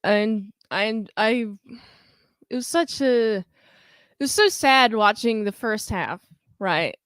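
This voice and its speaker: A woman co-hosting a casual podcast chat, animated and acting out quotes as she talks. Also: fairly high pitch, slow pace, smooth, dry recording, studio quality. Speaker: podcast co-host.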